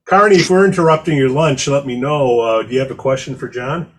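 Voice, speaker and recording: A man co-hosting a podcast, teasing and joking with quick asides. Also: mid-range voice, crowd noise. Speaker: podcast co-host. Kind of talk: casual podcast chat.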